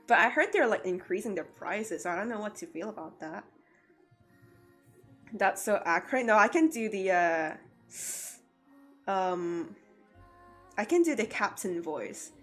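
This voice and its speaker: A woman's voice: medium pitch, expressive, a little slow, long pauses, fairly bright tone, breathy edge, faint music behind. A young woman, chatting casually with viewers on her art livestream and laughing often. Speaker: art streamer.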